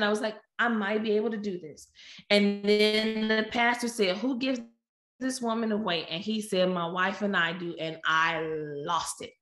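A woman telling a personal story in a lively, animated way, acting out the quotes. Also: mid-range voice. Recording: echoey room.

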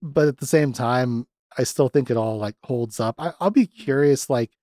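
A man hosting a podcast, chatting loosely about a movie with lots of restarts and animated asides. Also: medium pitch, moderate pace, no room sound, clean studio sound. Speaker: podcast host. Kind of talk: casual film discussion.

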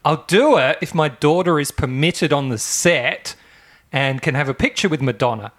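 A man's voice: fairly high pitch, moderate pace, a bit bright. A man doing a grumbling old actor. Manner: reading a quote aloud in a mock voice. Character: gruff aging male movie actor grumbling.

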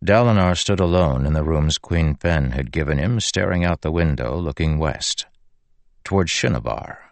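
Man narrating a fantasy novel, very low voice, dry close sound, measured and steady. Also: gravelly, dry recording. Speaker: audiobook narrator.

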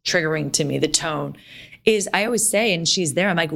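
A woman's voice: deep voice, normal speed, creaky. A woman in her thirties co-hosting a parenting podcast in a casual, chatty way, full of "like" and "you know.". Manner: chatty, animated, lots of "like" and "you know" fillers. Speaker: podcast co-host.

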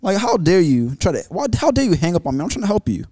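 A man's voice: high-pitched, sing-song, quick pace, warm tone, no room sound, clean studio sound. Blunt, ranting man hosting a podcast. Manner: ranting, blunt, swears freely. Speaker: podcast host. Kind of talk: casual chat.

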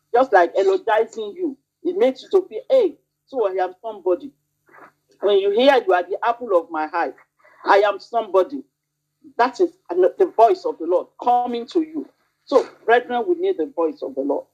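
A woman's voice: medium pitch, dark tone, slightly rough. A woman preaching a sermon, building it up through fervent repetition and telling a story from her own life. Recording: muffled lo-fi recording.

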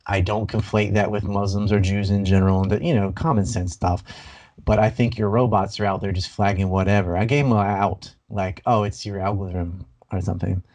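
A man guest in a casual interview, telling his story in an animated, rambling way with many restarts. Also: on the low side, a little fast. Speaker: banned video creator.

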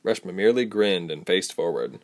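A man's voice: low-pitched, a little fast. A man narrating a fantasy novel as an audiobook, telling it expressively. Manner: expressive storytelling.

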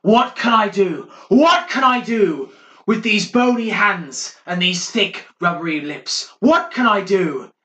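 Guy doing a mad monk, whispery creepy wailing, bright sharp voice, echoey room. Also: fairly low pitch, slow pace, recorded from a distance. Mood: wailing shout. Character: mad male monk, eerie, muttering. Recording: roomy echo.

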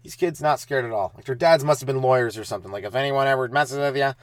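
A man in his thirties hosting a comedy podcast, telling stand-up stories and acting out the people in them with sudden loud, high bursts. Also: quick pace, no room sound. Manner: animated, acts out kids' taunts with sudden loud high bursts. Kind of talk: comic storytelling monologue.

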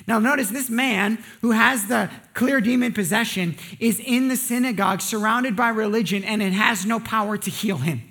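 Male pastor with a high voice, casual sermon full of rhetorical questions. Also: moderate pace, vocal fry, few pauses, a bit bright. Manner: conversational, joking asides, rhetorical questions.

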